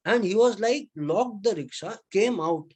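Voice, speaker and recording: A man's voice: high voice, measured pace, breathy edge. A man from Mumbai with an Indian English accent, a lecturer telling chatty anecdotes to his students in a casual classroom style. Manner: chatty, animated anecdotes with acted-out quotes.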